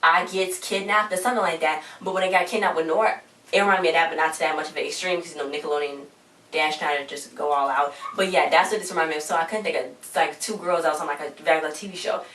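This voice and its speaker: Brief: low-voiced woman, quick rambling slangy recap, echoey room, distant mic. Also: steady tone, fairly bright tone. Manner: rambling, slangy, exasperated asides. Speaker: TV episode reviewer. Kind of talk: casual recap chat. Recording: roomy echo, distant mic, faint hiss.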